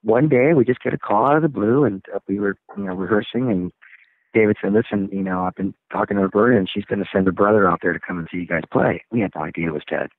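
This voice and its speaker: A man, a rock singer, telling stories in a casual interview, rambling and animated. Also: on the low side, fast talker, no room sound. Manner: rambling, animated storytelling with laughs. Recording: tinny phone line, dry.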